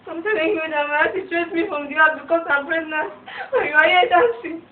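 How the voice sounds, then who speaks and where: A woman's voice: high voice, fairly even intonation, fairly quick, lightly acted. An actress playing a tearful young pregnant woman who has been thrown out of her aunt's home, on a tinny, echoey, noisy recording from far off. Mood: distraught. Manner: tearful, pleading.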